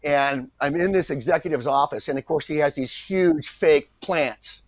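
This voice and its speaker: Lively storytelling man, dry sound. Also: a little high, normal speed, dry recording. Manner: animated, acts out voices in his stories. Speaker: guest actor. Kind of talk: anecdotal storytelling.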